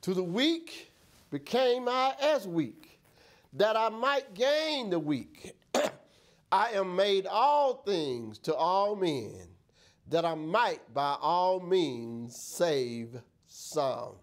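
A male pastor preaching a sermon, reading scripture aloud and speaking in a slow, drawn-out cadence with frequent amens. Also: high-pitched, very animated. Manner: reads scripture in King James wording.

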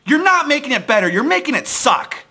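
A man's voice: very high-pitched, very animated, a little fast, pushed and bright. A young man ranting angrily about a wrestling show, swearing constantly and restarting his sentences. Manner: angry, profane, repetitive restarts. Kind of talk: profane fan rant monologue.

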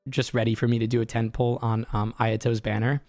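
A hoarse man, a voice actor, telling stories excitedly and laughing easily in a casual streaming chat. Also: mid-range voice, no echo, studio quality, soft background music. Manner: excitable storyteller, quick to laugh. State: hoarse from an inflamed larynx.

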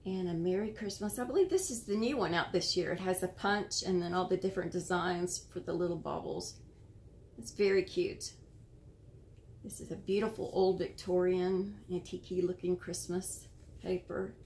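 An American woman hosting a casual show-and-tell of handmade cards, admiring and gentle, sometimes searching for words. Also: lowish voice, fairly even intonation, normal speed, slight background noise. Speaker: card-making channel host.

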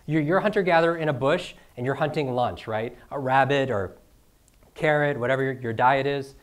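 A man's voice: medium pitch, fairly quick. A middle-aged man teaching a seminar to a live audience, firing off rhetorical questions and tagging lines with "right?". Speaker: speaker teaching speed reading. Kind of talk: energetic live seminar talk.

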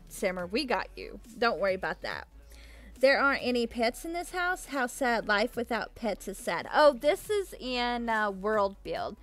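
A woman's voice: a little high, very animated, a little slow, a bit bright, faint music behind. A young adult woman chatting casually with viewers on a live stream, bubbly and giggly, thanking them effusively. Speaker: livestreamer.

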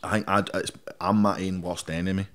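A young Scottish man with a fairly low voice talks bluntly through a casual interview. He swears freely and drops "mate" into almost every sentence. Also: little pitch movement, a little fast, fairly bright tone. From Scotland. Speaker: rapper guest.

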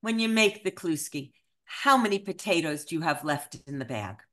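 A woman doing a calm, patient grown daughter. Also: fairly low pitch, moderate pace. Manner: calm, gently leading questions. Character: adult daughter, patient and coaxing.

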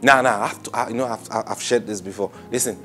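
A man preaching a Bible study sermon, animated, acting out quoted voices and laughing often. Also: mid-range voice, fast, faint music behind.

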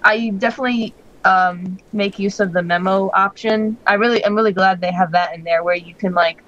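A woman co-hosting a podcast talks briskly in a medium-pitched, fairly bright voice with fairly even intonation. Her casual chat rambles, full of fillers and restarts, and the audio is dull and lo-fi.

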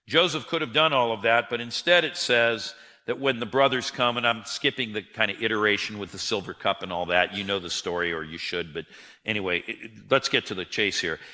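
A man delivers a sermon in a bright, forceful voice, telling the story with animation and acting out the lines of the people in it. His voice rings with the long reverb of a large hall. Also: on the low side, brisk. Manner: animated storyteller who acts out quotes. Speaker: preacher.

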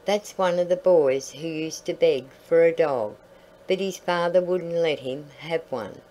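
A woman voicing an older male bull terrier who calmly reassures newcomers. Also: low-pitched, unhurried, low-quality recording. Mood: reassuring. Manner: reassuring, gently amused.

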